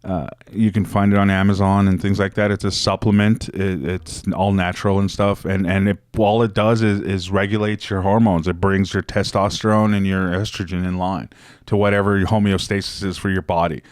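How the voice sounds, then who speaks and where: A man's voice: low voice, little pitch movement, brisk, clean tone, dry recording, clean studio sound. A man co-hosting a podcast in casual chat, explaining things with frequent ums and uhs. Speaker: podcast co-host.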